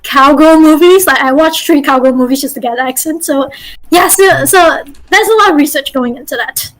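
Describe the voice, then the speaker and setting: A woman's voice: high-pitched, brisk, poor audio. A woman game master hosting a casual workshop, chatty and encouraging, laughing often as she gives feedback. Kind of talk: casual teaching.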